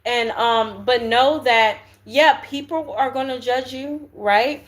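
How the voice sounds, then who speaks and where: A woman's voice: a little high, slow pace, hardly any pauses. A woman giving a casual spiritual tarot reading, chatty and slangy, often checking in with "right?" and throwing in curse words. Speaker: tarot reader.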